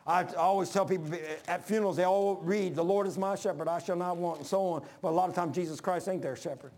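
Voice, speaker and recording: A man preaching a sermon, emphatic, calling out to the congregation and dropping to hushed lines between loud peaks. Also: high voice, steady tone, fast. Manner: calls for congregation responses.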